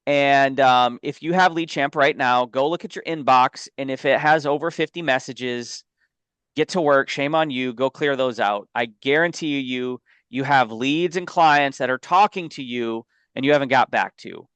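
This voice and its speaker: A man's voice: medium pitch, moderate pace, fairly bright tone, clean tone, no echo. A man who sells life insurance, co-hosting a casual business talk and telling stories in an emphatic, conversational way. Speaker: life insurance agent and co-host.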